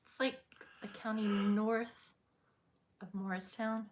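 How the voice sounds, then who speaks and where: A woman's voice: medium pitch, steady tone, slow pace, a little hiss or hum. A tired woman, co-hosting a casual livestream, chiming in with short greetings and frequent laughs. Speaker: livestream co-host.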